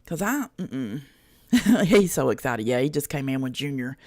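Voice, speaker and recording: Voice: mid-range voice, very animated, normal speed, a little mellow. A host runs a casual reaction livestream. The talk is folksy and drawling, loose and peppered with swearing. Viewers get greeted by name between remarks.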